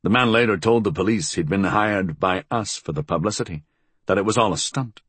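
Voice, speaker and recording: Brooding husband, voiced by a man, deep and husky, clipped. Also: fairly quick, fairly bright tone, no room sound. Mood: terse. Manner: terse, low-key. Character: brooding man, heir of a detective family. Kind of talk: audiobook character voice.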